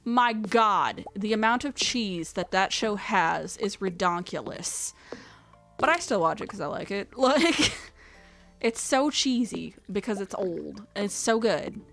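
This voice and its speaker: A woman's voice: medium pitch, animated, a little slow, creaky, a bit bright, soft background music. A young woman hosting a let's play, rambling casually as she plays, counting aloud and drifting into whispered asides. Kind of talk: casual gameplay commentary.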